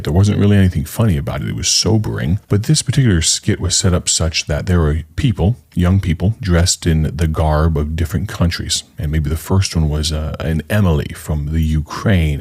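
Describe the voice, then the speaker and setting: Deep-voiced earnest male evangelist. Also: husky. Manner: earnest, warm, conversational storytelling. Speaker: evangelist and radio host. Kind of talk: radio ministry broadcast introduction.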